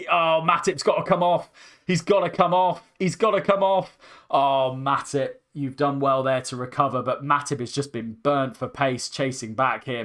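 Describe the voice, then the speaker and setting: A young man hosting a live football watchalong, commentating with rising excitement as his voice starts to go hoarse. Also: mid-range voice. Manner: excitable, voice climbs sharply with the action. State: voice going hoarse. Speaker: host.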